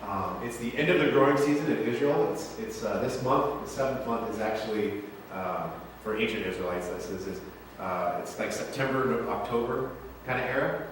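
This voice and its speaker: At a moderate pace and in a lowish voice, a male pastor gives a conversational, joking sermon in a church sanctuary, often asking his congregation questions. The recording, made from a distance in an echoey hall, has a little hiss or hum.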